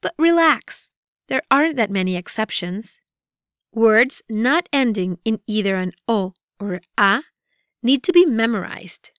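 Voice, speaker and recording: A woman reading a scripted language course with a deliberate, evenly paced teaching delivery. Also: on the high side, expressive, a bit bright, clear, resonant tone, no room sound, studio quality. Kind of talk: scripted instructional narration.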